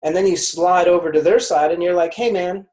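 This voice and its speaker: A man's voice: high-pitched, fairly even intonation, brisk, darkish tone, echoey room. A man coaching on a team call, talking casually with lots of fillers and acted-out bits of dialogue. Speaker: sales coach.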